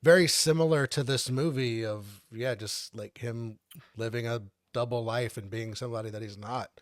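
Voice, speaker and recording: A man's voice: mid-range voice, steady tone, normal speed. A man co-hosting a casual film podcast, rambling with many fillers and restarts as he explains. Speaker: podcast co-host. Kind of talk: casual chat.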